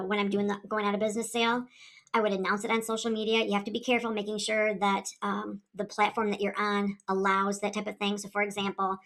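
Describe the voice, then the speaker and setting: A woman's voice: medium pitch, a bit bright. Woman saleswoman, upbeat and persuasive, coaching tone. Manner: upbeat, coaxing, checks in with "okay?". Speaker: direct sales consultant. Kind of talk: advice video.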